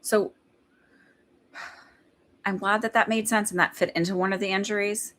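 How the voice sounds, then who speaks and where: A woman's voice: medium pitch, fairly even intonation, moderate pace, fairly bright tone. A woman giving a psychic reading in casual live-stream chat, rambling with lots of fillers and laughing between thoughts. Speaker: psychic medium.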